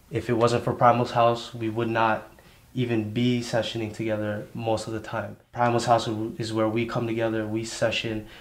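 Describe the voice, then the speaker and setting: Laid-back dancer man, low voice, very flat monotone delivery. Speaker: krump dancer. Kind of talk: interview.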